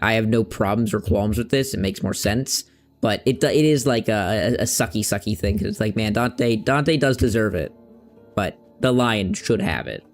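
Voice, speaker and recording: A young man chats casually while streaming a game, rambling, hunting for words and using loose slang. He speaks at a moderate pace in a lowish voice, with soft music playing in the background.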